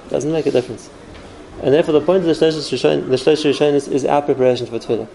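A man's voice: on the high side, rapid-fire, creaky, dark tone, poor audio. A man giving an earnest spoken Torah class, explaining step by step with numbered points. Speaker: Torah teacher.

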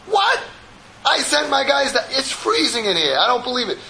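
A man voicing a rich, hot-tempered boss who barks at his workers with a loud, blustering manner. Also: very high-pitched, wildly swooping pitch, moderate pace, creaky, noisy background, pitched above the performer's own voice, full character voice. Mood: exasperated bossy. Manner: boisterous, then fuming.

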